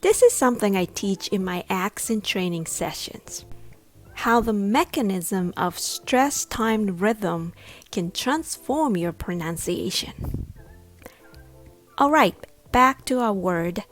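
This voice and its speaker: A woman's voice: medium pitch, expressive, faint music behind. A woman pronunciation coach giving a scripted lesson, sounding out each syllable carefully. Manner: slow, deliberate, sounding out syllables.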